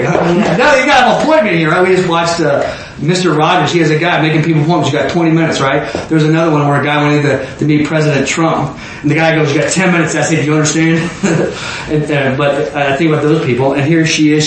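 Male pastor, high voice, animated sermon, echoey church hall with light hiss. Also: brisk, hardly any pauses. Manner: animated, acts out biblical scenes with shouts. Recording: echoey room with faint noise.

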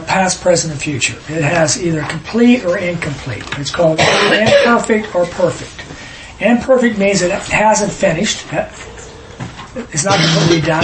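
A man teaching scripture with a fairly high voice, emphatic and prone to tangents as he reads verses aloud. His voice rings in an echoey room, over a faint hiss. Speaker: Bible study teacher. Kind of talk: informal Bible teaching.

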